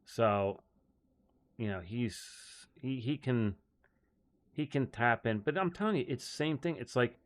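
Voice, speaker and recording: A man's voice: medium pitch, unhurried, long pauses. A man hosting a live golf stream, telling stories in a loose, rambling way and laughing often. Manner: rambling storyteller, many restarts and laughs. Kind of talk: casual live-stream chat.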